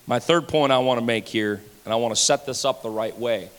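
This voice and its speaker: A man's voice: medium pitch, brisk. A pastor preaching a fervent sermon to his church. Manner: fervent preaching, rising to shouts. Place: church sanctuary. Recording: hall reverb.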